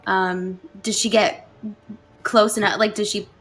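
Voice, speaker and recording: A woman's voice: medium pitch, little pitch movement, measured pace, fairly bright tone, faint music behind, rough recording. A woman playing in a tabletop game, describing her character's actions hesitantly with many fillers. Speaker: player.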